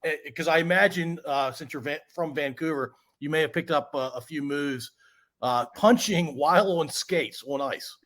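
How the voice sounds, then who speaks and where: A man's voice: on the high side, normal speed, fairly bright tone. A man hosting a podcast who asks questions in an easygoing way, repeating words as he cuts in. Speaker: podcast host. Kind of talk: casual interview.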